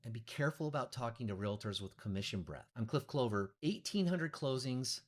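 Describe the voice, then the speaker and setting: A man's voice: medium pitch, animated, fairly quick. A middle-aged man, a real estate agent, telling a blunt, emphatic story in a monologue to camera.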